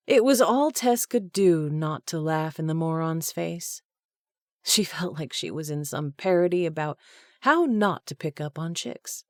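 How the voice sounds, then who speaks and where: A woman narrates a romance audiobook with a steady, even storytelling manner. Her voice is low and warm-toned, recorded dry and close. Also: unhurried, dry recording. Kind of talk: scripted narration.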